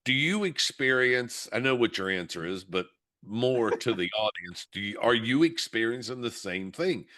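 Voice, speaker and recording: A middle-aged man co-hosts a podcast, chatting casually with medium pitch at a normal speed. He's an animated storyteller who acts out the people he quotes.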